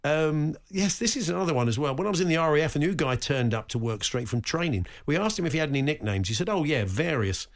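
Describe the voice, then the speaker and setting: Jokey British radio host. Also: male voice, fairly high pitch, lively intonation, fast, few pauses. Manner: jokey storyteller, reads out listener messages. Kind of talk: casual radio chat.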